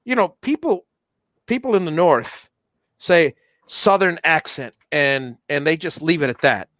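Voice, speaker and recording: A man's voice: a little high, a little slow, fairly bright tone, no echo, clean studio sound. A man hosting a casual livestream, chatting while he solders, with many restarts and fillers. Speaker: livestream host.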